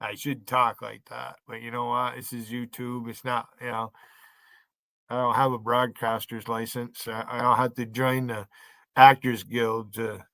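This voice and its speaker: A man's voice: medium pitch, little pitch movement, a little slow, vocal fry, sharp tone, no room sound. A man hosting a livestream, ranting at viewers in his chat by name, taunting and cursing them. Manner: profane, taunting, combative. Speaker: livestream host.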